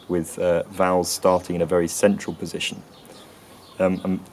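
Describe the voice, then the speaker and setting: A man presenting an educational talk to camera outdoors, measured and explanatory, often correcting himself. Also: deep voice, darkish tone, a little hiss or hum. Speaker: video presenter on accents. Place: outdoors near a tree with birds.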